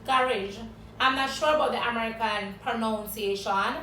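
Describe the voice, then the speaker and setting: A high-pitched Jamaican woman teaches vocabulary, spelling words out and putting questions to a guest. She sounds a little off the mic in an echoey room, with faint background noise. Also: moderate pace, bright, forceful tone, distant mic. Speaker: English teacher. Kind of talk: vocabulary lesson.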